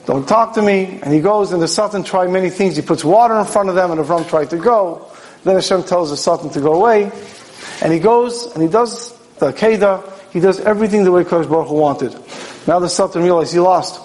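A man's voice: sits high, a little fast, a little mellow, poor audio. A man, a rabbi, giving a Torah sermon in a storytelling manner, asking questions and acting out dialogue.

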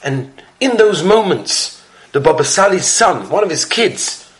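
A man's voice: high voice, very animated, measured pace. A man giving a weekly Torah talk as a sermon, earnest and emphatic, with rhythmic storytelling.

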